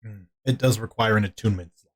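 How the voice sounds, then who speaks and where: A man's voice: on the low side, fast talker. Rambling man running a tabletop game. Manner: rambling, many filler words. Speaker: game master.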